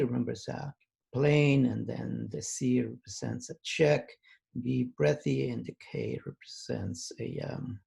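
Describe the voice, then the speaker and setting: A man teaching an online language lesson, talking patiently and haltingly with many pauses and fillers. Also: medium pitch, creaky, mellow, breathy edge.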